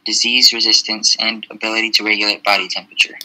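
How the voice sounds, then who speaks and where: A man's voice: fairly low pitch, little pitch movement, quick pace. A male student reading test passages aloud carefully over a video call. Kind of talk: reading aloud in a tutoring session. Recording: noisy online call audio.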